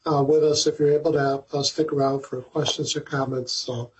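A man's voice: mid-range voice, level tone, normal speed, a little mellow, dull audio. A man chairing a committee hearing, who calls witnesses courteously with many hesitant fillers.

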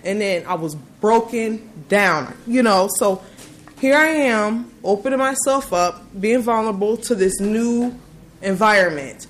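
A woman in her thirties, a parent giving personal testimony, telling her story in an earnest, animated way with many restarts. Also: medium pitch, measured pace, slight background noise.

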